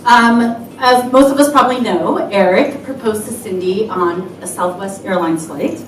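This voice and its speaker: A woman's voice: mid-range voice, moderate pace, slight background noise. A woman giving a chatty, laughing anniversary toast at a party. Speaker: anniversary speaker. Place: party hall. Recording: echoey room from far off. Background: music and guests.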